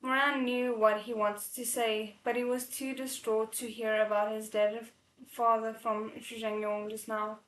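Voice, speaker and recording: A woman's voice: a little high, level tone, unhurried, a bit bright, roomy sound, slight background noise, low-quality recording. A woman reading a novel aloud, breaking off for emotional, tearful comments. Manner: emotional, tearful asides between passages. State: choked up from crying. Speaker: novel readalong host.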